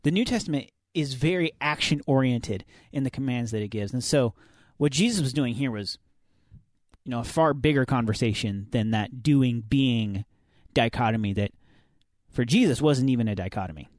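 A man's voice: mid-range voice, normal speed, a little mellow, dry recording, clean studio sound. A man co-hosting a faith podcast, talking through Bible passages in a conversational, explanatory way. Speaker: podcast co-host. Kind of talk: casual faith podcast discussion.

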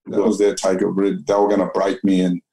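A man's voice: deep voice, monotone, brisk, dark tone, rough recording. An Australian man telling his story as an interview guest, rambling and blunt with lots of restarts and swearing.

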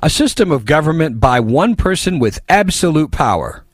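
A man's voice: on the high side, very animated, moderate pace, slightly rough. A man hosting a political talk radio show, reading listener messages with wry asides.

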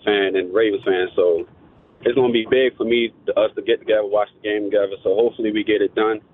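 A man in his twenties calling into a sports radio show, talking in a relaxed, plain way. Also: fairly low pitch, fast, no echo. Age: 20s. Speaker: caller. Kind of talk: phone-in call. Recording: tinny phone line.

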